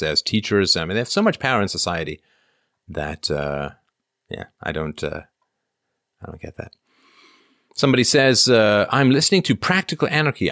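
A man's voice: sits low, a bit bright, dry recording, clean studio sound. A man in his fifties hosting a casual livestream, reading viewer comments aloud and answering in a rambling, self-interrupting way.

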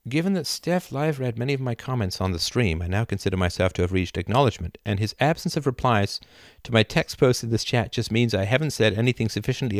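A middle-aged man hosting a live video chat, reading viewer comments aloud and riffing with animated laughter. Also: lowish voice, quick pace, few pauses, no echo, clean studio sound. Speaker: livestream host answering chat. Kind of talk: casual live-stream chat. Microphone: camera and mic on a live video chat.

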